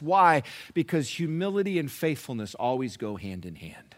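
A middle-aged male pastor preaching a sermon, swinging from loud exhortation to hushed, near-whispered pleading, with emphatic repetition and slow, drawn-out stresses. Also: mid-range voice, big pitch swings.

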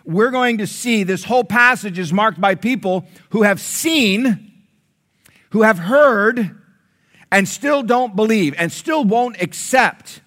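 High, bright-voiced joking pastor. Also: male voice, expressive, takes it slowly. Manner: playful, conversational, engages the congregation. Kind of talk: sermon.

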